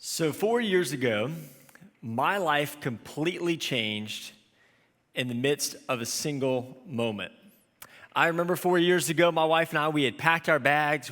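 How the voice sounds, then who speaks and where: A man in his thirties, a pastor giving a sermon, telling a story in an animated, conversational way. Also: fairly high pitch, in a large hall.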